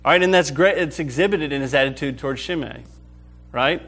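A man's voice: fairly high pitch, fairly quick, soft background music. Man preaching with acted-out prayers. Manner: animated, acts out quoted prayers, asks the audience questions. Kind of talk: sermon teaching on a psalm.

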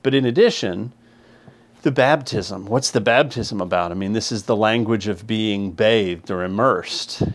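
Gravelly low-voiced male Bible teacher. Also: unhurried. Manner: earnest, explanatory, lifts his voice to stress key points. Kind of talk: scripture reading and verse-by-verse teaching.

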